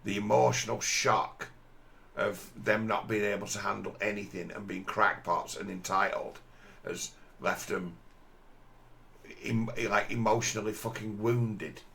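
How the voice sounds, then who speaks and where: Gravelly, scornful man ranting. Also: fairly low pitch, steady tone, unhurried, a bit bright. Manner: crude, scornful, mocks by mimicking others. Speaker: commentator. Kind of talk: ranting commentary over a video.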